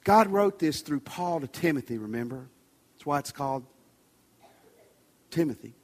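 High-voiced pastor preaching in a big reverberant church. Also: male voice, animated, moderate pace. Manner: conversational preaching, urgent pleas dropping to soft near-whispers. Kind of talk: sermon. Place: large church sanctuary. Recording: reverberant large church hall.

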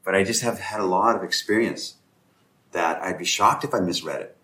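A man's voice: low voice, brisk, sharp tone. A man leading a casual round-table discussion who acts out both sides of conversations as he talks. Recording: echoey room.

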